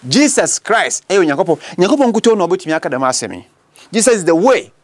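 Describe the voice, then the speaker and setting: A man's voice: high voice, big pitch swings, fast talker. A man with a Ghanaian accent preaching Christian apologetics, emphatic and prone to repeating his declarations for force. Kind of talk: apologetics preaching mixing English and Akan.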